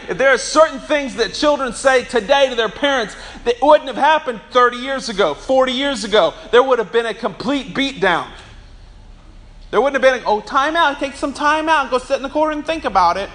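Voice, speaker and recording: Man, pastor, sermon, emphatic storytelling, high bright voice. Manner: storytelling, emphatic, acts out quotes.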